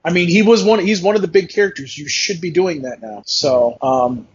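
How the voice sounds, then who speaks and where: A man with a somewhat high voice chats eagerly on a casual podcast, swearing freely and retelling his own reactions. The recording is dull and lo-fi, with faint background noise. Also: moderate pace. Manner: enthusiastic, profane, quotes himself. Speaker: podcast co-host.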